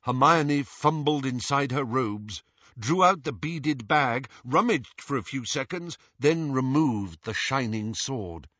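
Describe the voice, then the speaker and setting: Lively husky male audiobook narrator. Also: mid-range voice, slow pace, no echo, lo-fi sound. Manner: expressive, voices each character. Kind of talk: scripted narration.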